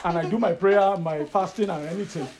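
A man with a Nigerian accent preaching a sermon, telling a personal story in an animated, rising voice. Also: high-pitched, fairly quick, a crowd in the background. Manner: animated, rises to loud excited storytelling.

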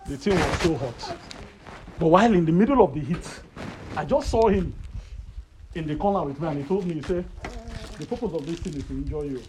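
A man with a Nigerian accent preaching a sermon, telling a personal story in an animated, rising voice. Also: fairly high pitch, brisk, pauses often, noisy background. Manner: animated, rises to loud excited storytelling.

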